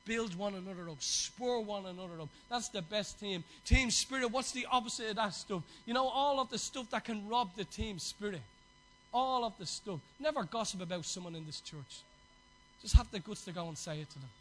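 High-voiced man preaching passionately. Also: normal speed, a bit bright, slight background noise, low-quality recording. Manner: passionate, exhorting, conversational with asides. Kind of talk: sermon.

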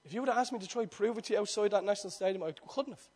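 A man in his forties delivers an impassioned sermon in a strikingly high voice. He swings from loud, urgent appeals down to near-whispered confessions, often driving a point home with repetition. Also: very fast. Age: 40s. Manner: repetitive rhetorical preaching. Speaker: preacher.

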